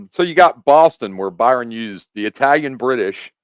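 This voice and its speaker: Speaking casually as a podcast guest, the American man explains things with lots of animated rambling and many restarts. His pitch is medium, his pace moderate, and the recording is dry.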